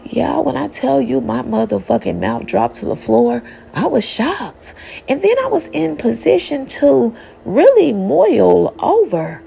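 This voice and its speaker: A woman recounts a personal spiritual encounter in a loose, candid storytelling voice, swearing freely. Her pitch sits fairly high and swings widely from line to line, with heavy vocal fry throughout. A faint noise hangs behind her. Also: a little slow. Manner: candid, animated, profane.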